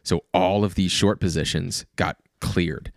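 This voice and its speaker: Deep-voiced guy explaining stuff on a podcast, dry sound, lots of restarts. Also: steady tone, a little slow, gravelly, dry recording. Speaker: podcast co-host. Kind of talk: casual chat.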